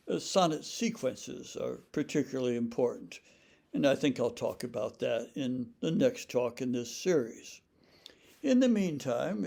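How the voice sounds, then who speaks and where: Gravelly male lecturer, unhurried delivery, reads verse with care. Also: medium pitch, warm tone. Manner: slow, measured reading of verse. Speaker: lecturer on poetry. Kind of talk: recorded literature talk with poetry readings.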